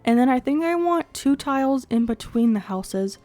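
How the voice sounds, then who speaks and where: A young woman with a slightly high voice hosts a gaming channel in a casual, chatty way. She sounds congested from a cold and talks upbeat, thinking aloud as she plans and builds. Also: lively intonation, moderate pace, warm tone, faint music behind. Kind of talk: casual gameplay commentary.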